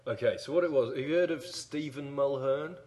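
A man's voice: medium pitch, a little fast, a little mellow. A man co-hosting a comic casual chat, telling stories in a wry, dry way with hesitations.

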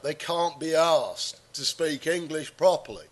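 A man's voice: a little high, lively intonation, unhurried, a bit bright, breathy edge. A man co-hosting a podcast, joking around while suffering a head cold and sore throat. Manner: jokey, puts on silly voices, rambling. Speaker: podcast co-host. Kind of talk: joking casual chat.

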